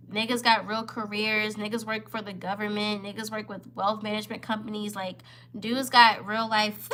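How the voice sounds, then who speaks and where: Bright-voiced young woman telling a candid story. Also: medium pitch. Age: 20s. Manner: candid, repeats phrases, talks straight to viewers. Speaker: vlogger. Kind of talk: casual storytime vlog.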